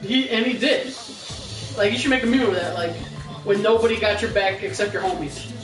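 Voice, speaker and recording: A woman's voice: medium pitch, a little fast, far from the mic. A woman co-hosting a casual wrestling chat show, talking in a chatty, profane, storytelling way. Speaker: podcast co-host. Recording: roomy live stream with music, off-mic.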